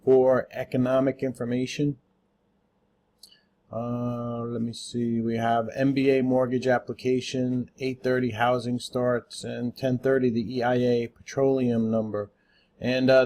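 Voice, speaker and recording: This daily stock market rundown comes from a man with a mid-range, dark-toned voice. His delivery is loose and unscripted, heavy on "uh" fillers, and he reads ticker symbols letter by letter.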